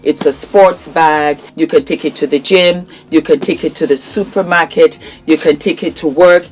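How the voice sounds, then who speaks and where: Low-voiced woman showing off a product. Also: steady tone, moderate pace. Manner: warm, affectionate, calls viewers darling; emphatic, repetitive sales patter. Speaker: vlogger presenting her own brand. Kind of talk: product showcase to camera.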